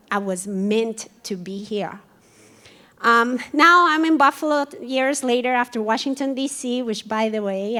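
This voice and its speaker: A woman with a strong Colombian Spanish accent speaks in a high voice. She tells her personal story at a museum event, animated and acting out each quoted exchange. Spanish is her first language, and it colors her English throughout. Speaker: dance company founder. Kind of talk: personal story told to an audience.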